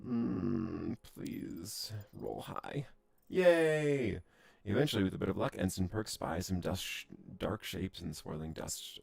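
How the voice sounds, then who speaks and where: A man's voice: low-pitched, creaky, darkish tone, slightly rough. A man streaming a space game, talking casually and bluntly while he plays, swearing now and then. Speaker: gaming streamer. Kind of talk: casual gameplay commentary.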